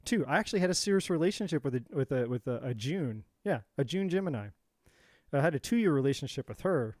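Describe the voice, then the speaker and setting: A man runs a casual live tarot reading in a voice pitched a bit above the usual male range. He rambles and jokes, drifts into side stories, and speaks straight to viewers by name. The sound is close and dry, with no room echo. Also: expressive, fast talker, a little mellow. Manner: rambling and jokey, going off on tangents; addresses viewers directly by name. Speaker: tarot reader hosting a live stream.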